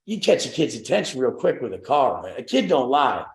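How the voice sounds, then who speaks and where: A man's voice: medium pitch, big pitch swings, brisk. Brash swearing male coach, echoey room. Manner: brash, swearing, acts out quoted voices. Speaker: coaching call host. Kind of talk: motivational group coaching call.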